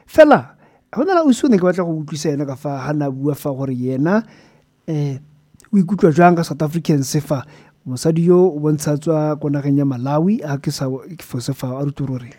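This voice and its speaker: A man hosting a call-in radio show with a relaxed manner, mixing local-language talk with English. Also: fairly high pitch, fairly quick, dry recording. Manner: relaxed, switches between Setswana and English. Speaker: radio host.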